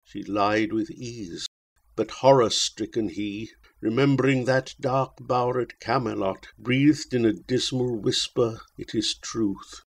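Man, husky, slow, measured, poetry recitation, audiobook. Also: medium pitch. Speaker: audiobook narrator. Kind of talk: reading narrative poetry aloud.

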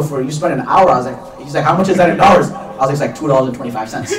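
A man giving a live religious lecture to an audience, telling chatty stories with quick asides. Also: mid-range voice. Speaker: Islamic teacher. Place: lecture hall before an audience. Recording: echoey room, mic far off.

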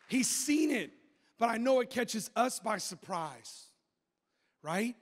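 A middle-aged man preaching a sermon in a church, animated and joking, telling a personal story in a conversational way. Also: very high-pitched, takes it slowly, long pauses, some chatter behind. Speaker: pastor. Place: church sanctuary. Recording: long reverb of a large hall.

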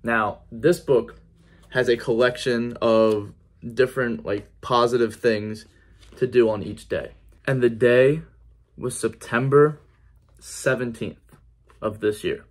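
A man's voice: medium pitch, fairly even intonation, slow pace. A man giving an earnest personal faith testimony in a conversational vlog style, repeating key phrases for emphasis. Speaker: faith vlogger.

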